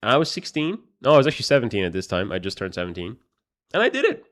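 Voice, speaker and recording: Young Irish guy, streamer, loose and sweary storyteller, mid pitch. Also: rapid-fire. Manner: profane, animated, swings between loud and mumbled. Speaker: chess streamer. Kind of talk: casual storytelling to a live chat.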